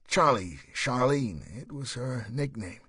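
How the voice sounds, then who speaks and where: A man voicing an easygoing male detective with a Liverpool accent, relaxed and courteous. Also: mid-range voice, slow, husky, dry recording, clean studio sound, exaggerated voice. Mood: calm.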